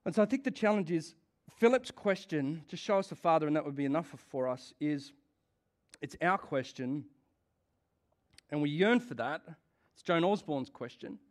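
A man with a notably high voice gives a sermon to his church. He talks in a casual, conversational way, throwing questions at the congregation and laughing often. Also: animated, normal speed, pauses often. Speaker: pastor.

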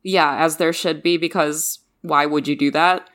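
A woman who grew up in the Midwest, with English as her second language, co-hosting a podcast and telling stories in animated, chatty conversation. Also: sits low, normal speed. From Midwest of the United States. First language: not English. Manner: chatty, animated storytelling with laughs. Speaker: podcast co-host. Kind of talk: casual chat.

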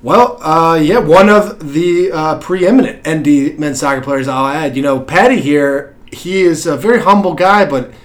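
A man's voice: a little high, a little slow, hardly any pauses. A man co-hosting a talk radio show, bantering with dry, wry quips. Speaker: radio co-host.

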